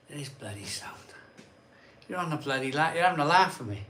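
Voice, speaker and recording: Middle-aged stream host, high and bright, casual and jokey, lists names quickly. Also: male voice, lively intonation. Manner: chatty, rattles off place names in a quick list; swears mildly, jokey banter with viewers. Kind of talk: casual live stream chat, reading out viewer comments.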